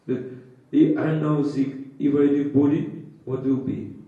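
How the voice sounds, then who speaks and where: A man giving a devotional scripture class in simple broken English, speaking haltingly with frequent pauses and filler sounds. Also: mid-range voice, steady tone, gravelly. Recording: echoey, dull, distant hall sound.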